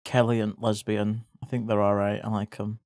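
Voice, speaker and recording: A chatty livestreamer talks casually while drawing, swearing offhandedly and breaking into excited yelps. The voice is medium-pitched at a moderate pace, with a dry, close recording.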